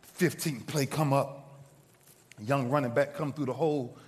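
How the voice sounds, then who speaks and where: A man giving an inspirational speech to a live audience, telling a story dramatically and swinging from loud bursts to hushed asides. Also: medium pitch, fairly even intonation, moderate pace. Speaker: motivational speaker. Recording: long reverb of a large hall.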